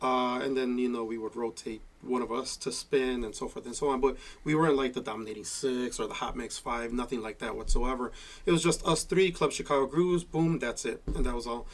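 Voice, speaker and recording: Animated storytelling man, a bit off-mic. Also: mid-range voice, fairly quick, distant mic. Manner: animated, laughing storyteller who acts out quotes. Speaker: podcast guest, former radio mix show host. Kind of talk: casual storytelling chat.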